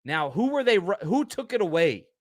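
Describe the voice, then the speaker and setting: A man's voice: high voice, very animated, normal speed, dry recording, studio quality. A man hosting a live sports podcast, ranting in a heated, emphatic way and repeating his points. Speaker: podcast host. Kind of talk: fired-up live show rant.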